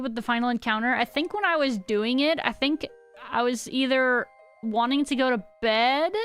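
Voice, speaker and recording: A woman's voice: on the high side, a bit bright, clean tone. A woman in her thirties streaming a game, chatting casually and rambling as she answers her chat, with a slightly sick voice.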